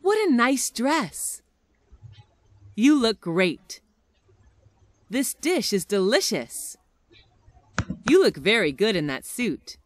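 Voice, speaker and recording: A woman reading short everyday English phrases one by one for listening practice, with careful, expressive enunciation. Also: on the high side, takes it slowly, long pauses.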